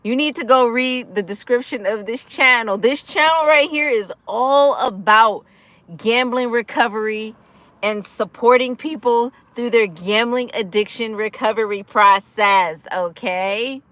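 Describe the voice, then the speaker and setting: A woman hosting a casual livestream, energetic and giggly, laughing often while she chats with viewers and answers their comments. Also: on the high side, unhurried, dry recording. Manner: chatty, with frequent fillers like "like" and "y'all". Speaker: livestream host of a gambling recovery channel.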